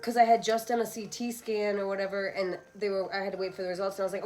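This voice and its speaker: A woman's voice: medium pitch, steady tone, quick pace, hardly any pauses, a little mellow, slight background noise, poor audio. A woman in her thirties, a podcast guest talking candidly and bluntly, with rambling asides and frequent swearing. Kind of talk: candid casual conversation.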